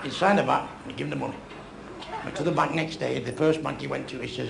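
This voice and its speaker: A man's voice: medium pitch, fairly even intonation, quick pace, vocal fry. A man doing a stand-up comedy routine, telling blunt jokes with constant swearing, in a noisy live recording.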